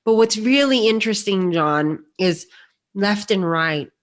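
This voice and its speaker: A woman's voice: mid-range voice, lively intonation, measured pace. A woman hosting a podcast, speaking earnestly and directly to her guest and her audience. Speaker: podcast host. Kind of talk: casual interview chat.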